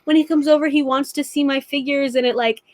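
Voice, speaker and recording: Earnest young woman, a bit high. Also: steady tone, quick pace, darkish tone. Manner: earnest, emotional, gushing. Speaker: podcast guest. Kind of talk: casual conversation.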